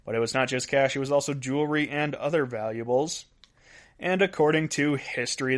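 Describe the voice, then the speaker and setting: A man hosting a solo weird-news podcast, counting down a list and laughing at his own asides. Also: medium pitch. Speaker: podcast host.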